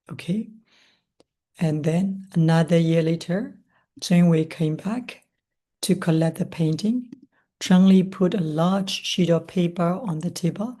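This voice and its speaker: A woman teaching English, reading a story aloud slowly and stopping to explain new words, asking questions and answering them herself. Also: lowish voice, mellow. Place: language school classroom.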